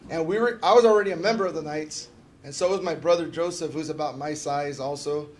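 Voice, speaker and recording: Man, slightly higher voice, relaxed memorial tribute, jokey stories, sincere close. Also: fairly quick. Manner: casual, joking anecdotes, warm tribute, often asking "right?". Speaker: fraternal organization member giving a memorial tribute. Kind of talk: personal memorial remarks. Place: memorial gathering at a funeral home.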